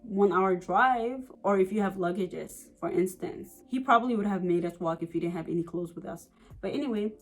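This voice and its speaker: A young woman from the United States telling a personal story in a casual vlog, animated and profane, full of "like" and "you know". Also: mid-range voice, low-quality recording. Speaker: vlogger.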